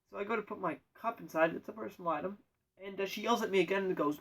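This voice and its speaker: A man telling a rambling comic story in a deadpan way, often correcting himself and adding absurd asides. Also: sits high, fast talker, vocal fry, distant mic, poor audio.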